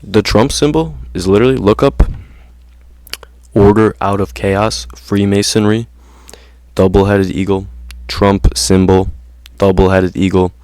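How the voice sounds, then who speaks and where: A man's voice: fairly low pitch, steady tone, measured pace, darkish tone, no echo. A man ranting casually to his viewers in slangy, profane talk, saying "bro" constantly. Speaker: vlogger. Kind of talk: casual rant to camera.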